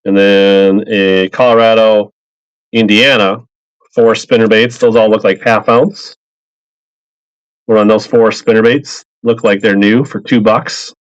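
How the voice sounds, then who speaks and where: A man's voice: on the low side, flat delivery, measured pace, dry recording. A man selling fishing gear on a casual live stream, rambling upbeat and greeting buyers by name. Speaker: live auction seller of fishing lures. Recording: slightly dull lo-fi stream audio.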